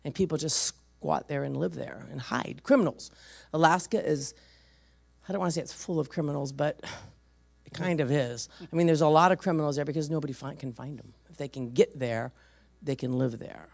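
A woman preacher telling a story to her church, animated and emphatic, acting out the voices of the people in it. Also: low voice, brisk, creaky. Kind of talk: sermon storytelling to a congregation.

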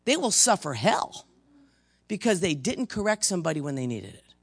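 A pastor preaching a sermon in church to the congregation, emphatic, swinging from loud rebukes to hushed intensity. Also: mid-range voice, big pitch swings, moderate pace, gravelly, slightly rough. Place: church service before a congregation.

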